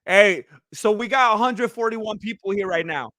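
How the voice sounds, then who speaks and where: Excitable high-voiced male streamer, going hoarse. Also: moderate pace, no echo, studio quality. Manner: excitable, laughs often, trails into quieter sincere thanks. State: hoarse, losing his voice. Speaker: livestream host. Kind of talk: casual live-stream chat reading viewer comments.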